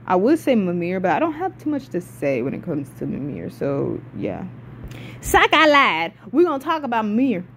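A young woman excitedly reviewing video game characters in a casual, rambling, profane way, often cutting herself off mid-sentence. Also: mid-range voice, slight background noise. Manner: excitable, rambling and profane, with frequent swearing and self-interruptions.

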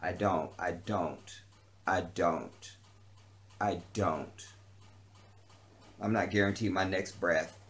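A man's voice: deep voice, slow, long pauses, a bit bright. A man delivering an unscripted vlog rant in a heated, profane, emphatic way, often repeating a phrase for emphasis. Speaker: vlogger. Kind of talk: unscripted ranting monologue.

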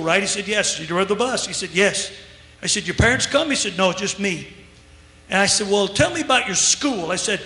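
A man whose voice sits high with a sharp edge gives a sermon in a church sanctuary. His story is told emphatically, with him acting out both speakers, and the recording carries the hall's long, echoing reverb.

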